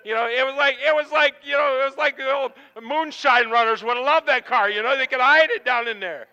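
A man's voice: very high voice, fairly quick, pushed and bright, clean tone, big-room sound, lo-fi sound. A middle-aged man telling a rambling, folksy story in a sermon, acting out quotes. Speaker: pastor.

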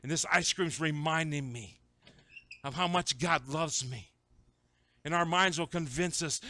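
Guy preaching a sermon, highish bright voice, gets loud and dramatic then chats again. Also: normal speed, no echo. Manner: swings from conversational asides to shouted exhortation; acts out scripture voices dramatically. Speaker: pastor.

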